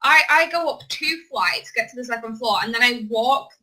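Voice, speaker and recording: A young woman co-hosting a casual chat podcast, giggling as she rambles through stories and swears freely. Her voice sits a little high with a bright, sharp edge. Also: normal speed, poor audio. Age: young adult. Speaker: podcast co-host.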